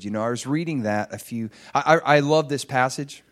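Conversational pastor with a light Midwest accent. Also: male voice, medium pitch, a little fast, few pauses, a bit bright. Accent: slight Upper Midwest. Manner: conversational and self-deprecating, with laughs and restarts. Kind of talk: sermon.

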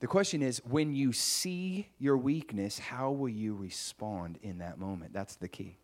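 A man's voice: mid-range voice, lively intonation, a little slow. A man preaching a sermon in a conversational storytelling way, acting out the scenes he tells.

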